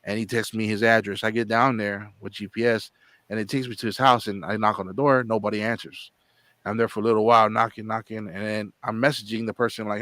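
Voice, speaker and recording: A man tells a long, meandering story in casual chat, slipping into quoted lines as he goes. His voice sits on the low side, and it is recorded close and dry with no room sound around it. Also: level tone, fast, a bit bright, no room sound. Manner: rambling, repeats words and acts out quotes. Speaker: channel host.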